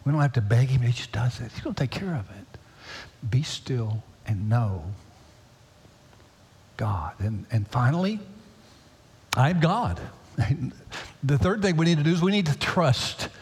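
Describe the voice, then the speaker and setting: A man preaching a sermon as pastor, swinging from loud, high pleading to hushed near-whispers. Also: expressive, unhurried, pauses often, breathy edge. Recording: long hall reverb.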